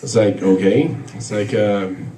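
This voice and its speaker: A man's voice: lowish voice, measured pace, warm tone, reverberant, far from the mic, rough recording. A man doing a stand-up comedy set, rambling through stories with lots of fillers and laughs at his own jokes. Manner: rambling, filler-heavy storytelling with frequent laughs.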